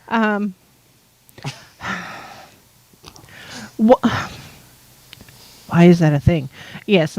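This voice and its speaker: A woman's voice: medium pitch, darkish tone, no echo, rough recording. A woman from North Idaho hosting a podcast, chatting casually and rambling with exasperation and many fillers. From North Idaho, United States. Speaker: podcast host. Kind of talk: casual chat.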